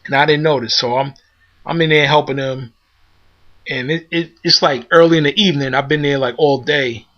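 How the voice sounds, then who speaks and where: A man tells a personal story in a loose, rambling way, full of fillers and restarts. His voice is bright and a little high. The recording is somewhat dull and lo-fi. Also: steady tone, fairly quick. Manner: rambling, repeats himself with many fillers. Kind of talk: casual spoken anecdote.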